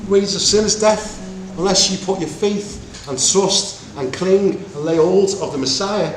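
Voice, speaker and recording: Animated preacher in an echoey room. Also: male voice, high voice, normal speed, noisy background. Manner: animated, acts out voices of God and Moses. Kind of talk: bible teaching sermon. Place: meeting room with congregation. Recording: echoey room with faint ambience.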